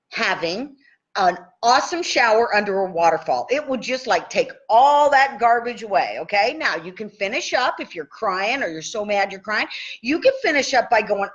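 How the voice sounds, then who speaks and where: A woman in her sixties teaches tapping in a loose, chatty live session. She keeps checking in with her listeners as she talks, at a mid-range pitch. The audio is dull and lo-fi, like a live stream. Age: 60s. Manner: chatty, animated, checks in with okay. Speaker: tapping coach.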